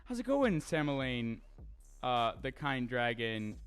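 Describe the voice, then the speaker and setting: A man's voice: medium pitch, very animated, a little slow, fairly bright tone, clear, resonant tone, soft background music. A young man streaming live, reading chat aloud and answering in a brash, profane way with lots of stammered restarts.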